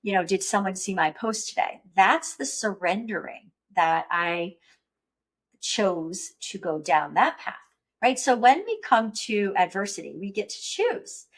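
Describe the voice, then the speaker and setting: A woman's voice: mid-range voice, very animated, measured pace. Earnest woman podcast host, reflective solo talk, mid-range voice. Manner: earnest, self-reflective, acts out panicked inner voice. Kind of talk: personal reflective monologue.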